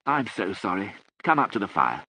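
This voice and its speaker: A man's voice: lowish voice, sing-song, normal speed, sharp tone, breathy edge, voice pushed up, exaggerated voice, low-quality recording. Cast: man doing a flustered lordly father, pleading, prone to sudden outbursts. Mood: agitated. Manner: agitated, pleading, bursts of sudden violence. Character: aristocratic father, older man, harried and anxious.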